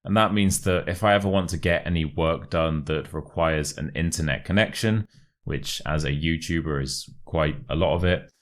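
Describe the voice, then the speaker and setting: A young British man speaks in modern RP with a notably low, deep voice. He explains English expressions in an online lesson and slowly repeats phrases to model their pronunciation. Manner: clear, carefully modelled pronunciation, friendly explaining. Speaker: English teacher.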